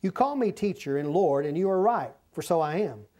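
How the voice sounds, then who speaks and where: A man reading out a solemn male teacher's words from scripture in a slow, grave manner. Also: high-pitched, animated, dark tone, voice pushed down.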